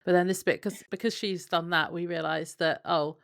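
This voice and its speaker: A woman with a fairly low voice co-hosts a casual podcast chat about a TV episode. She mostly chimes in with short agreements and quick remarks. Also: fairly even intonation, vocal fry. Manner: brief reactive agreement, laughing along. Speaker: podcast co-host.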